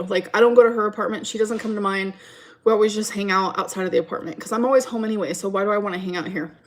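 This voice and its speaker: A woman streaming from home, chatting casually and rambling through a story time while answering her chat. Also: mid-range voice.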